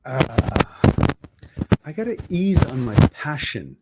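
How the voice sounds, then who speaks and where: A man of ordinary pitch hosts an advice talk, blunt and heated. He curses when something annoys him and plays out both sides of imagined conversations. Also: sing-song, slow pace, heavy background noise. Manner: passionate, blunt, swears when upset. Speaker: advice show host. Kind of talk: livestream advice talk reading viewer comments.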